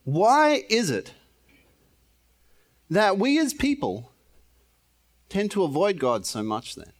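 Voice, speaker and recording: A man's voice: high voice, huge pitch swings, slow. A man preaching an informal sermon in church, chatty and playful, often laughing at himself. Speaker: pastor.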